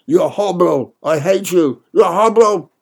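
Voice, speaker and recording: A man voicing a defiant small boy throwing a tantrum, shouting shrilly and putting on wailing sobs. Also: high-pitched, normal speed, gravelly, breathy edge, pitched above the performer's own voice, full character voice.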